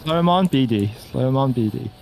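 A man in casual voice chat during a game raid, calling out mechanics in quick repeated bursts and swearing now and then. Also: mid-range voice, expressive, vocal fry, noisy background.

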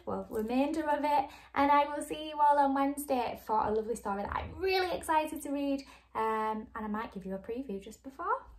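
A woman hosting a children's story time, reading aloud in a bright, expressive, sing-song way. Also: sits high.

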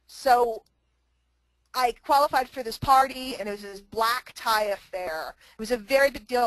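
Speaking to an online audience in real time, this woman gives a motivational talk full of emphasis and repetition, breaking off for friendly remarks to listeners; she works as a motivational speaker and trainer. Her voice sits a little high with a fairly bright tone. The recording is rough, with no room sound.

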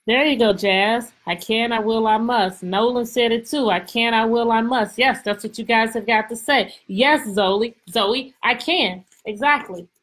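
A woman teacher reads a picture book aloud to her class, stopping often to ask questions and act out lines. Her voice is a little high and breathy, and she takes her time with each phrase. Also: measured pace, few pauses, low-quality recording. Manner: lively, expressive, stretches words, asks questions. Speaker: teacher reading aloud to students. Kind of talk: storybook read-aloud lesson.

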